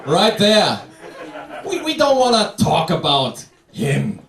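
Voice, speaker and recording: A young man with a German accent performing a stand-up comedy set, wry and animated, with fillers and restarts. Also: high voice, takes it slowly, gravelly. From Bavaria, Germany. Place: comedy club stage. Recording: echoey club from a distance with crowd laughter. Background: audience laughter and noise.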